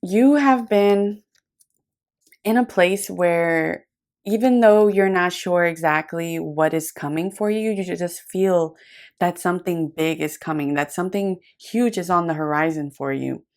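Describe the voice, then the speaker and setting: A young woman giving a gentle, affectionate tarot reading straight to the viewer, rambling warmly with fillers and calling the listener "my love". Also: fairly low pitch, unhurried. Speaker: tarot reader. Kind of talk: intimate tarot reading to camera.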